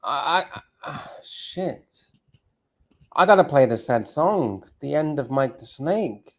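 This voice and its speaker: Slow-talking guy on a stream, swears a lot, trips over words. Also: on the high side, lively intonation. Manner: swearing, emotional, stumbling. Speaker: livestream co-host. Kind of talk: livestream chat.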